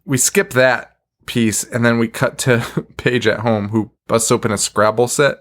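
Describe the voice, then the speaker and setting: A man's voice: medium pitch, steady tone, unhurried, a bit bright. A man hosting a podcast, chatting casually, swearing freely and laughing often as he recaps. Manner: laughs often, profane, wry. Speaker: podcast host. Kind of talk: casual chat.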